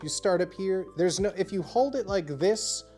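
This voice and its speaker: A woman's voice: medium pitch, lively intonation, moderate pace, mellow. A tipsy woman streaming live as a bartender, chatty and rambling with many fillers as she shows how to make a cocktail. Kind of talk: casual livestream cocktail demo. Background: faint music.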